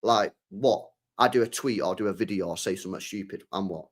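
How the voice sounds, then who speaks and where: A young man, hosting a casual football stream, rambling in slangy, animated asides. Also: sits low, brisk. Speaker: football channel host. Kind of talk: casual livestream chat.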